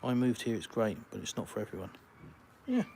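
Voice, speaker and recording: A man's voice: on the low side, sing-song, fairly quick, vocal fry, a little mellow, a little hiss or hum. Blunt Englishman reading a live chat. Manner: blunt, dry sarcasm toward trolls. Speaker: livestream host. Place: outdoors in a village.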